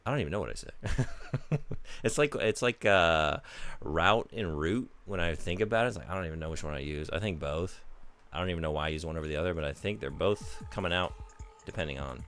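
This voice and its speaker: Gravelly low-voiced Southern US man. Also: fast talker, a bit bright, faint music behind. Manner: rambling and self-deprecating, with laughs. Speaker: game streamer. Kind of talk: casual gaming stream chat.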